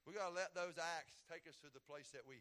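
A middle-aged man, preaching a folksy, joking sermon in a church and swinging from loud to soft. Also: on the high side, fast.

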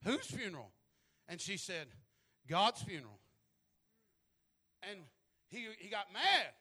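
Male preacher, high bright voice, storytelling that swells into shouted preaching. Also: huge pitch swings, slow pace, long pauses, breathy edge. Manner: repeats words when starting phrases. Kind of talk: sermon.

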